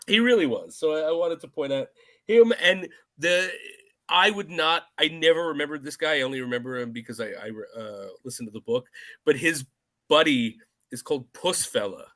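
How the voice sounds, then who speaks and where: A man's voice: fairly high pitch, normal speed, pushed and bright. A man co-hosting a podcast, talking casually about a film, laughing often and acting out lines from scenes. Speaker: podcast co-host.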